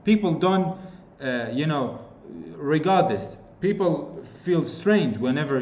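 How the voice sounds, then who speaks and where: Lively Kurdish-accented teacher, roomy lo-fi sound. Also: male voice, on the high side, measured pace, a little hiss or hum. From Kurdistan region of Iraq. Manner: explains with repeated examples, frequent fillers. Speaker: English teacher. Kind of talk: online lecture. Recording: roomy, dull lo-fi recording.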